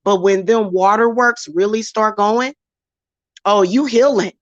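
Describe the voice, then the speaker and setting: A woman's voice: medium pitch, a little slow, no echo. Blunt woman, dull lo-fi sound. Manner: blunt, emphatic, slips into acted quotes. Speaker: spiritual reader and channel host. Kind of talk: casual chat to camera.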